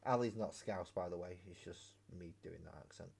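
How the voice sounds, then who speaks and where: A man's voice: deep voice, moderate pace, vocal fry, husky. A man hosting a casual live stream while painting miniatures, rambling, joking and swearing freely. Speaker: hobby streamer. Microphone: webcam mic.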